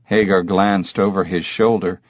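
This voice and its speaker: A man narrating a novel in a measured storytelling voice. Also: low voice, little pitch movement, no room sound, studio quality. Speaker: audiobook narrator. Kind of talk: scripted narration.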